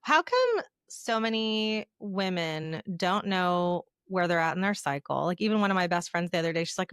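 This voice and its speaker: A woman hosts a casual podcast chat in a fairly low voice. The sound is dry and close, and she keeps backing up her guest, often laughing along. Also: animated, normal speed, few pauses, clean tone, dry recording. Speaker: podcast host.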